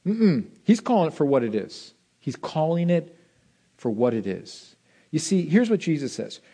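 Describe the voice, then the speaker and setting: A male pastor preaching a sermon, swinging between loud emphasis and soft asides. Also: fairly high pitch, big pitch swings, normal speed, husky.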